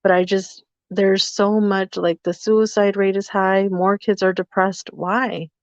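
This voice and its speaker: This podcast co-host speaks at medium pitch with a flat delivery and a measured pace. She's telling a story in casual conversation, performing both sides of the exchange. The audio is lo-fi, dull and dry, without any room sound.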